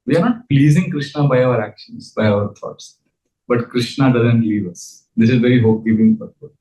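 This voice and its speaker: A man teaches scripture in an earnest, explaining voice at a middling pitch. His lecture rings around a reverberant room. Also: darkish tone. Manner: earnest, leads call-and-response chanting. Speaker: spiritual teacher.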